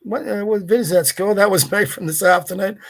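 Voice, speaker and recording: A man with a fairly high voice hosts a livestream podcast. He talks in a blunt, rambling way and swears freely. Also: brisk, creaky, a bit bright. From Australia. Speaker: podcast host. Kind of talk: livestream commentary.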